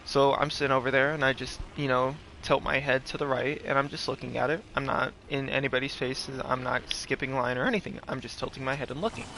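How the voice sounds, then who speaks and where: A man's voice: mid-range voice, steady tone, fairly quick, few pauses, pushed and bright, a little hiss or hum. A man telling a rambling, profane story in a casual way, with lots of fillers. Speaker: streamer.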